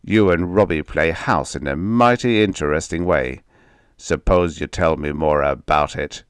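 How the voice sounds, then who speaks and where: A man with a low voice playing a cruel, sneering middle-aged stepfather who threatens his stepchildren in a dark audiobook story. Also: a little slow, smooth, no echo. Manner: menacing, sneering, mock-humble.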